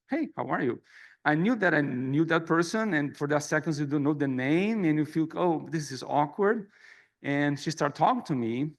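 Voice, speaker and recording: Speaking in a fairly bright, slightly high voice, a society president from Brazil delivers his address in a conference hall. The middle-aged man has a Brazilian Portuguese accent and takes an earnest, self-deprecating tone.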